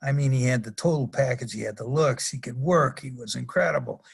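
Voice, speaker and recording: A man's voice: medium pitch, a little fast, gravelly, husky. An older man, a podcast guest, telling rambling anecdotes in a casual interview and chuckling at his own stories. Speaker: podcast guest, retired wrestler.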